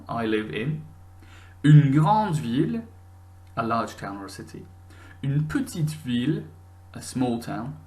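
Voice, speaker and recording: A man's voice: medium pitch, fairly bright tone. Encouraging man teaching a class. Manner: patient, encouraging, many fillers and restarts. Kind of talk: recorded video lesson.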